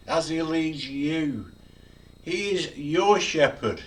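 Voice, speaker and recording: Recorded on a distant mic, a man in his seventies delivers a devotional talk about a psalm, leaning hard on single words he repeats emphatically. He speaks slowly in a slightly high, expressive, somewhat bright voice.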